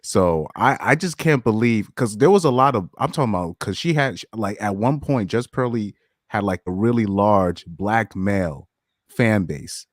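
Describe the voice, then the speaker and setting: A man chatting casually on a podcast, talking in a relaxed way with hesitant restarts. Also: fairly low pitch, normal speed, no echo, clean studio sound.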